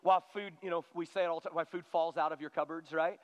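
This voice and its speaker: A middle-aged pastor with a notably high voice delivers a conversational sermon. He keeps drawing the congregation in with prompts to answer back. His words ring out with a long reverb tail, as in a large church hall. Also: steady tone, fast talker, smooth. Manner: conversational preaching, calls for congregation responses.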